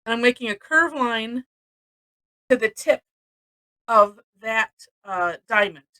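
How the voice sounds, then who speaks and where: Missouri lady walking folks thru a drawing live, talky, laughs a lot, kinda high bright voice. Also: lively intonation, slow, poor audio. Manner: chatty and rambling, laughs often. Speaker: drawing teacher. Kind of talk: live-streamed drawing lesson.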